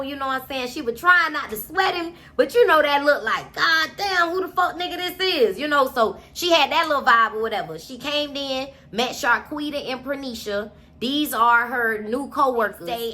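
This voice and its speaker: A woman's voice: high voice, bright, forceful tone. A woman giving a casual, chatty recap of a novel, with lots of cussing and asides to her viewers. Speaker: book reviewer.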